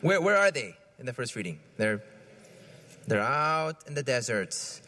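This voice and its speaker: A man's voice: mid-range voice, sing-song, measured pace, sharp tone. A man giving a conversational homily, asking his listeners questions and often repeating his words as he goes. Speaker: preacher.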